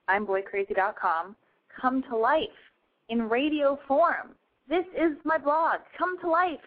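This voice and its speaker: A woman hosting a call-in talk show, chatting in a brash, giddy, profane and animated way. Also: high voice. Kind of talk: casual talk radio monologue. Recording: tinny phone-like sound.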